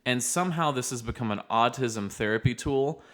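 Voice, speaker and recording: A man's voice: mid-range voice, brisk, a bit bright. A young man, a behavioral therapist co-hosting a podcast, explaining things earnestly in casual chat and laughing easily.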